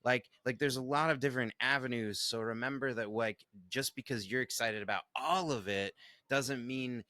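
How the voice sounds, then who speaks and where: A man co-hosting a podcast in casual chat, animated and laughing often. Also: mid-range voice, moderate pace, no room sound, studio quality. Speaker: podcast co-host.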